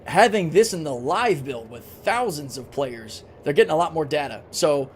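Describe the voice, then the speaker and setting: Speaking in a somewhat high voice, a man live-streams a game, chatting casually, thinking out loud and replying to chat while coughing now and then. There's slight noise in the background.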